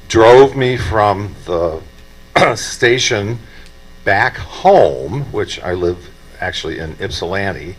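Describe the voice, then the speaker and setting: A man telling a story at a memorial in a halting way. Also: on the low side, animated, fairly bright tone, poor audio. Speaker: memorial speaker. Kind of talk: memorial speech anecdote.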